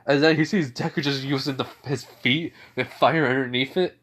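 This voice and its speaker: A man's voice: medium pitch, fairly even intonation, normal speed. A man narrating an improvised fan story in a rambling way, full of fillers and restarts.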